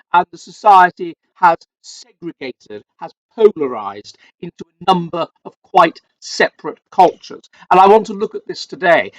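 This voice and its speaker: A man's voice: high voice, a bit bright, dry recording, low-quality recording. A man from England, hosting a solo commentary stream, rambling with many fillers and restarts. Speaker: host.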